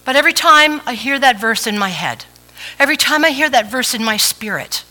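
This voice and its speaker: Woman preacher, bright clear voice, chatty sermon, playful asides. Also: on the high side, lively intonation, fairly quick, low-quality recording. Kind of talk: conversational sermon.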